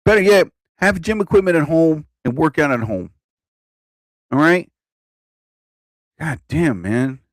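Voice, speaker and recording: Male live-stream host, rambling profane rant, fairly high and lively pitch, dry mic. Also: a little slow, long pauses, no room sound. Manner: animated, profane, repeats himself. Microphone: own desk mic.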